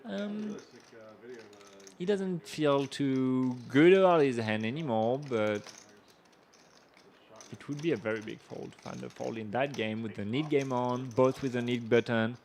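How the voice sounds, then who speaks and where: A man with a French accent commentating live poker, reacting to the action with quick gasps and laughs. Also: mid-range voice, a little mellow.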